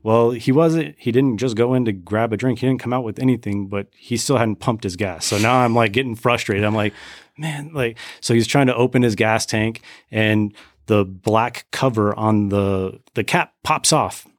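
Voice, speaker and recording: A man's voice: on the low side, moderate pace, no room sound, studio quality. A man telling a long personal story in casual chat, acting out the quotes of the people in it. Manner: animated storyteller, acts out quotes. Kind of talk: casual faith podcast chat.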